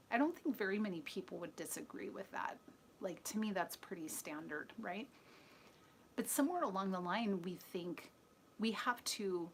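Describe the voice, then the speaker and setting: A woman talks unhurriedly to her live-stream audience, earnest and chatty as she answers viewers' comments. She often sinks to a soft near-whisper, and a faint hum of ambience sits behind her voice. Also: medium pitch. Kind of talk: casual opinionated monologue.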